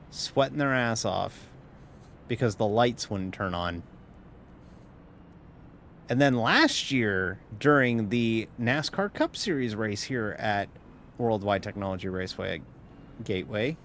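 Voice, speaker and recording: A man's voice: mid-range voice, fairly bright tone, slight background noise. A tired man giving casual, rambling live-stream commentary while sim racing, wry and swearing now and then. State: tired, yawning.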